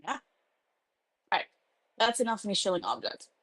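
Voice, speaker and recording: Woman rambling casually on a community call, middle pitch, dry close sound. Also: very animated, normal speed, fairly bright tone, husky, no echo, low-quality recording. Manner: chatty, lots of "like" and "um". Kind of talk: casual online group call. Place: home over an online audio room.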